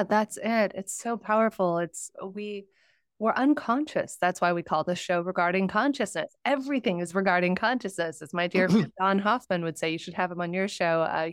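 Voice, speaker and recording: A woman's voice: medium pitch, a bit bright, dry recording, studio quality. Enthusiastic woman podcast host. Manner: enthusiastic, effusive. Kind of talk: interview conversation.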